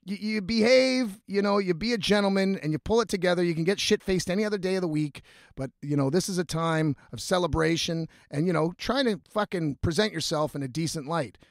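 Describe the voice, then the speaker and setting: Brief: young male vlogger, swears constantly, restarts a lot, high-pitched voice, dry booth-like sound. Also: vocal fry, dry recording. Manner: profane, rambling, animated storytelling with restarts. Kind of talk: casual storytelling vlog.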